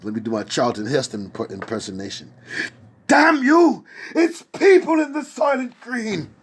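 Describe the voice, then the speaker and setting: Theatrical anguished hero, shouting, as a man puts him on, big pitch jump. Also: big pitch swings, normal speed, breathy edge, exaggerated voice.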